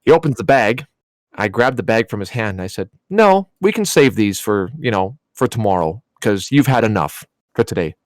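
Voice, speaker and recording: A man co-hosting a podcast, telling a story in a casual, animated way. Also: on the low side, moderate pace, dry recording. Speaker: podcast co-host.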